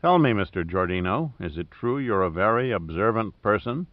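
A man playing a cool-headed adventurer with a dry wit, speaking in a measured, understated voice a shade lower than the narration. The sound is dry and a little dull, read close to the mic. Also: expressive, dry recording, close to an everyday voice. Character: calm, dryly witty male adventurer leader. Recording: dry, slightly dull audio.

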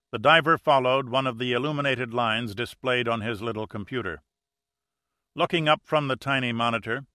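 A man giving steady, measured scripted narration of an adventure audiobook. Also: medium pitch, no room sound, studio quality.

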